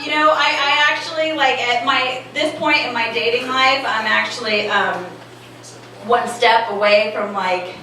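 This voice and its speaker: Wry woman comic in an echoey club. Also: on the high side. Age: late 30s. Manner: wry, conversational, many "like"s. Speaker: stand-up comedian. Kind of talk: stand-up comedy set. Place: comedy club stage. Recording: echoey club from far off, noisy.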